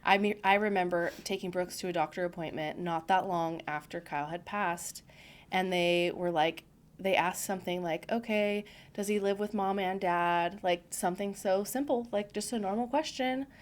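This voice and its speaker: A woman's voice: on the low side, steady tone, normal speed. Chatty young woman retelling moments. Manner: chatty, acts out her own past lines in quotes. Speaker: podcast guest. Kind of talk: casual conversation.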